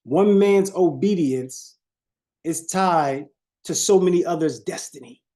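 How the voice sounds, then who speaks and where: Mellow-voiced man coaching a sales call. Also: fairly high pitch, takes it slowly. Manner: preachy, repeats phrases, shifts tone on purpose, talks to audience as y'all. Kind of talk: live online coaching call.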